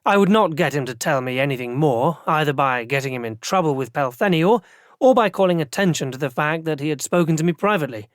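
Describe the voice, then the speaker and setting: Male audiobook narrator, first-person, measured reading, dry studio sound. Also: fairly high pitch, expressive, no echo.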